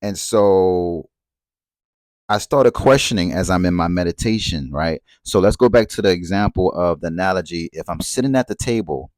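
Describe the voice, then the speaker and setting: A man's voice: sits low, normal speed, darkish tone, no room sound, clean studio sound. A man giving a reflective spoken monologue, talking conversationally, repeating phrases and asking rhetorical questions. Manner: conversational, asks rhetorical questions and checks in with "right?". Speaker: speaker on relationships and spirituality.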